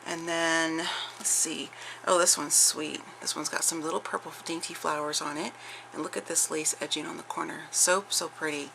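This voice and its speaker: A woman's voice: deep voice, fairly even intonation, normal speed, gravelly, noisy background. A middle-aged woman showing off a craft haul in chatty show-and-tell style, gushing over each piece with many fillers and restarts. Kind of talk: casual show-and-tell chat.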